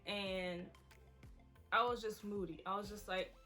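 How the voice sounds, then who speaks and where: A woman's voice: mid-range voice, fairly even intonation, unhurried, sharp tone, soft background music. A woman in her twenties, a vlogger, candidly telling her story to viewers in a chatty way. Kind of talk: emotional story time to viewers.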